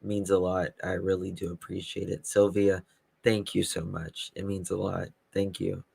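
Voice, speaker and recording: A man hosting a casual live stream as a web sleuth, reading chat comments in a calm, dry, teasing way. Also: low-pitched, moderate pace, gravelly, slightly rough, no room sound.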